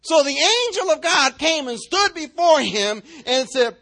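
A preacher who talks fast and high, with his pitch leaping up and down as he works the room. He jokes and acts out the people in his story. His delivery moves between loud bursts and quiet asides. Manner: animated, joking, acts out quotes. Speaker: pastor. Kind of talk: sermon.

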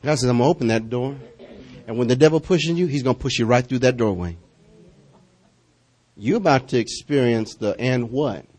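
A man preaching a sermon as a pastor, animated and often laughing, swinging from loud calls to quiet, hushed passages. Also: mid-range voice, moderate pace. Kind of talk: lively sermon.

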